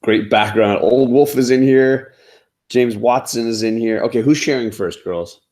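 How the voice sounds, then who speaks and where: A man's voice: medium pitch, measured pace, a little mellow. A man hosting a casual comics livestream from home, rambling with lots of fillers. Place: home, in front of a comic display.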